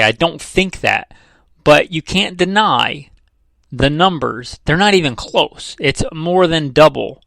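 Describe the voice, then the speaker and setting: Trainer guy talking shop, gravelly voice, dry close sound, repeats his numbers, bit sarcastic. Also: medium pitch, a bit bright, no room sound, poor audio. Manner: conversational, repeats figures, dry sarcastic asides. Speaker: firearms trainer. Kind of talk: casual instructional talk.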